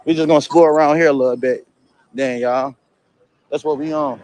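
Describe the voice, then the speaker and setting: A man's voice: fairly high pitch, fairly even intonation, fairly quick, a little mellow, a little hiss or hum, low-quality recording. A man vlogging as he walks around a street outdoors, chatting casually with passers-by and swearing now and then. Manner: laid-back, swears, chats with passers-by. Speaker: travel vlogger.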